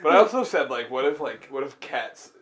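A man's voice: mid-range voice, very animated, fairly quick, fairly bright tone. A young man in his twenties co-hosting a casual, crude podcast, often cracking up with laughter. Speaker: podcast co-host.

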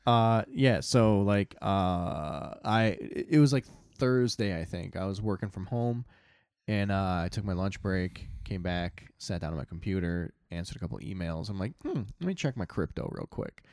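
Young man, podcast host, animated storyteller, heavy swearing, dry close recording. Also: sits low, measured pace, clear, resonant tone, no echo. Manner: animated storytelling, swears a lot, acts out his own reactions. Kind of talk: casual chat.

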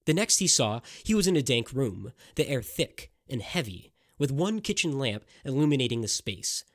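A man narrating a dramatic historical tale in an expressive storytelling manner. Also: medium pitch, normal speed.

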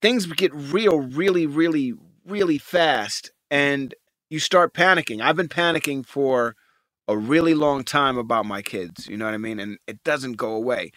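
A man in his forties, a podcast co-host in casual chat, animated and profane, repeating words when he gets excited. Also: medium pitch, normal speed.

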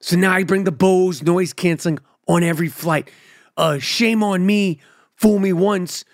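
A man with a notably high voice rants on his podcast, exasperated and emphatic, swearing freely. He is recorded close on the mic in a dry room with no echo. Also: measured pace. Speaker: podcast host. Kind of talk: profane comedic rant.

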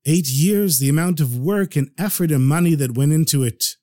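A man telling a story for a podcast, narrating with animated expression. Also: fairly high pitch, brisk, no echo, clean studio sound.

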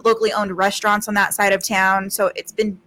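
A woman's voice: medium pitch, flat delivery, brisk, pushed and bright, slight background noise. A woman from New Mexico answering questions as a guest in a casual chat, with many fillers. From New Mexico, USA. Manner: chatty, filler-laden.

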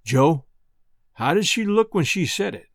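A man's voice: fairly high pitch, very animated, measured pace, gravelly, no room sound, clean studio sound, exaggerated voice. A man doing a strained young fisherman. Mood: tense. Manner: strained, trying to stay controlled. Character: anxious young fisherman in love.

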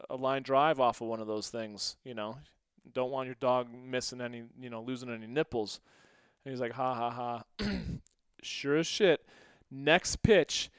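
A middle-aged man tells stories on his own podcast in a smooth, clear voice, recorded close and dry. He talks casually, jumps up in pitch to act out what people said, and keeps breaking into laughter. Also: dry recording. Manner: animated, acts out quotes with raised pitch, laughs often. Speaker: podcast host. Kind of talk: casual storytelling monologue.

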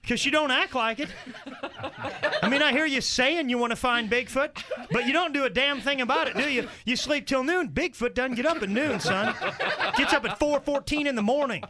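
A man voicing a gruff father who sarcastically scolds his son for not hunting Bigfoot. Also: very high-pitched, normal speed, sharp tone. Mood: scolding.

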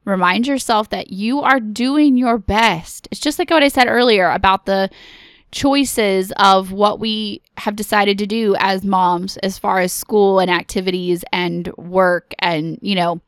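Slow, earnest mom podcast host. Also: female voice, mid-range voice, smooth, dry recording, studio quality. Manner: earnest, pep-talk, direct address to listeners. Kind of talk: casual encouraging podcast talk.

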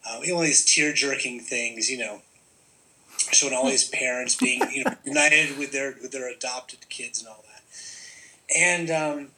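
Bright-voiced man telling a story. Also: mid-range voice, measured pace, rough recording. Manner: rambling, many fillers and restarts. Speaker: guest telling his story. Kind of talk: casual storytelling.

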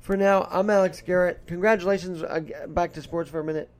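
A man's voice: high-pitched, fairly even intonation, fast. A man hosting his own podcast in a put-on Irish brogue, rambling chattily from one topic to the next. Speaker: podcast host. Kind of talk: casual solo podcast monologue.

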